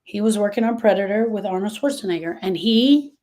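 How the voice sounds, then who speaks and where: A woman in her sixties, a grief coach, teaching a group in a lively, conversational storytelling way. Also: mid-range voice, a little fast.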